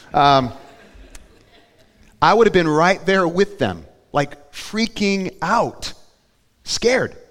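A Florida pastor preaches conversationally in a voice on the high side, putting questions to his congregation and building toward loud, emphatic climaxes. A long reverb tail follows his words.

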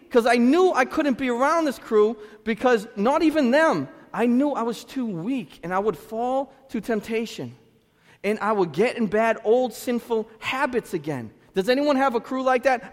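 High-voiced Boston-area pastor preaching. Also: male voice. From Lynn, Massachusetts. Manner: animated storytelling with street slang. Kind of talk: sermon. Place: church sanctuary. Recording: reverberant church hall.

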